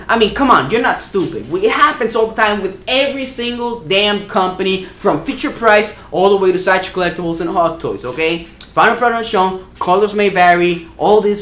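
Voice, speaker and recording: A man's voice: high voice, sharp tone. A man hosting a toy vlog, ranting in a casual, profane and exasperated way. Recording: roomy echo.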